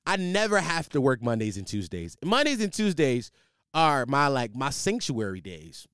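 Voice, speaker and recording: Lively man, tired podcast monologue. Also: mid-range voice, fairly quick, clear, resonant tone, no echo, studio quality. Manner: animated, profane, rambling with restarts. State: tired, sleepless. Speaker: podcast host. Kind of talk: casual storytelling monologue. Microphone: studio microphone.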